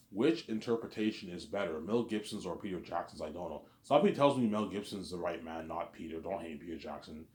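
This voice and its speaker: A man's voice: low-pitched, a little mellow. A man rambling on in a casual monologue, repeating and restarting his phrases. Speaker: vlogger. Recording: echoey room.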